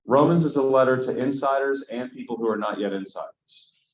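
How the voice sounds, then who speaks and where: A man's voice: medium pitch, a little fast. A male pastor teaching a casual Bible study, talking conversationally and often checking in with his listeners. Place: church hall. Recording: roomy, dull lo-fi room sound.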